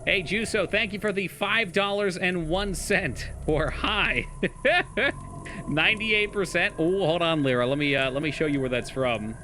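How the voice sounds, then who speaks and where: A man's voice: sits high, moderate pace, few pauses, sharp tone, slight background noise. A young man streaming a game live, chatting casually with his chat, swearing and laughing often.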